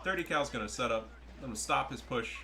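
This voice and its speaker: A young man giving casual, profane, excitable commentary over his own strategy game match. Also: medium pitch, fast talker, vocal fry. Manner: profane, excitable, trash-talking. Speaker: gameplay commentator.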